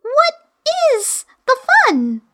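A woman voicing a polite, curious young girl in a high, wondering voice. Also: wildly swooping pitch, drawn-out words, fairly bright tone, exaggerated voice.

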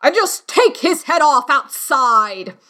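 A shrieking, furious queen barking orders in a raised, high voice, as a woman reads her in a storybook. Her commands come out loud and clipped. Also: sing-song, slow pace, full character voice. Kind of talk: audiobook character voice.

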